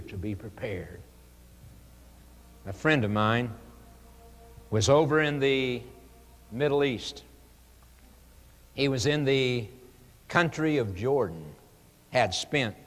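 A man preaching an evangelistic sermon, earnest and pleading, with dramatic pauses. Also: medium pitch. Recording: long hall reverb.

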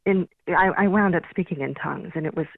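A woman from Tennessee calling in to a radio show, earnest and halting, asking a question about faith. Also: on the low side, gravelly, dry recording. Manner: earnest, halting, stumbles over words. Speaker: caller. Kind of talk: phone-in question. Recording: phone line.

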